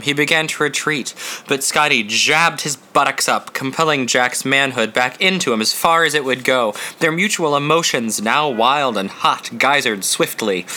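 A male audiobook narrator with a very bright, sharp-edged voice. He tells the story in a measured, dramatic way, at a middling pitch for a man.

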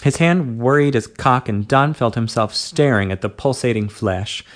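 A man reading an adult story aloud at a steady, unhurried pace. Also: mid-range voice. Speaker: narrator.

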